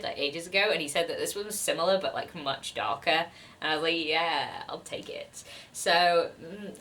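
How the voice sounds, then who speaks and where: Young woman vlogging about books, bright tone, giggly and gushy. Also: on the low side. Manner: chatty, giggly, gushing. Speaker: book vlogger. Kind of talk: casual chat.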